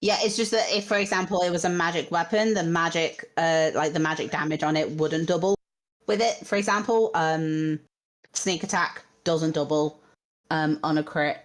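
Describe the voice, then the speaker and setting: A woman's voice: deep voice, normal speed. Woman running a tabletop game. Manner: thinks aloud, checks rules. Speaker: game master.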